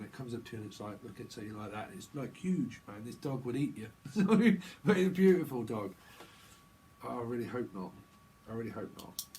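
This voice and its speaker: A man's voice: medium pitch, darkish tone, slight background noise, rough recording. A man doing a casual tarot reading vlog, rambling and slangy and often laughing. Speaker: tarot reader.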